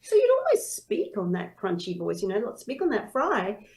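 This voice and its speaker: A woman's voice: mid-range voice, huge pitch swings, moderate pace, a little mellow, poor audio. A woman who is a singer and singing teacher, telling her story in a casual interview and acting out her own past thoughts.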